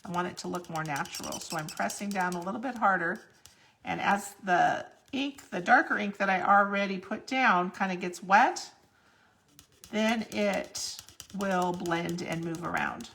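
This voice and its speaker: A woman's voice: medium pitch, unhurried, a bit bright, a little hiss or hum. A woman hosting a live crafting tutorial, chatting through each step as she works. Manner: chatty, explains each step while working. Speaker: crafting demonstrator.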